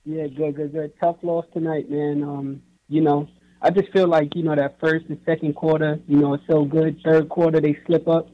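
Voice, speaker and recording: A man from New York calling in to a podcast, speaking softly and evenly in casual chat over a muffled phone line. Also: on the high side. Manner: soft-spoken, even and unhurried. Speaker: caller.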